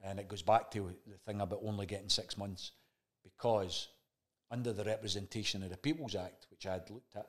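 A man's voice: fairly low pitch, fairly even intonation, a little fast. A man with a Scottish accent, a chat show guest telling a story in casual conversation, swearing freely and acting out the dialogue he remembers.

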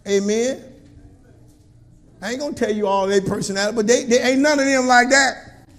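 A man preaching a colloquial sermon in a church style, with call-and-response and shouted peaks. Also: extremely high pitch, moderate pace. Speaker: pastor.

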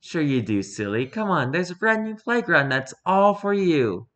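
A sinister carnival creature that sweet-talks with syrupy, cooing warmth, its voice dropping low and menacing, done by a man. The delivery swings widely in pitch and carries a sharp, bright edge. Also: very animated, moderate pace. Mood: coaxing. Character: creepy sweet-talking carnival entity, possessive and sinister.

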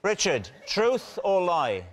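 A man on a panel show, teasing the guests with quick banter. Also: sits high, wildly swooping pitch, a little hiss or hum. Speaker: panel show team captain. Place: TV studio with live audience.

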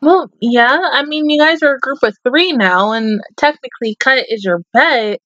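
A young woman giving casual, expressive reaction commentary, talking back to the screen, swearing and laughing often. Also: high voice, normal speed, no echo, muffled recording. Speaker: anime reaction YouTuber.

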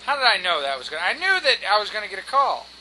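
A man's voice: sits high, big pitch swings, racing, bright, forceful tone, slight background noise, poor audio. A man giving casual let's-play commentary, exasperated and swearing at the game and at himself. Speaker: gameplay commentator.

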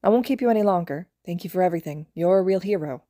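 A woman's voice: lowish voice, quick pace, dark tone, no echo, studio quality, lightly acted. A woman voicing a grateful, overworked hospital staffer who speaks politely and sincerely.

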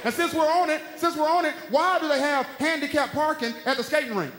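A man's voice: very high-pitched, fairly quick. A man doing a stand-up routine, ranting with exasperated punchlines. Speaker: stand-up comedian. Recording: live hall with noise.

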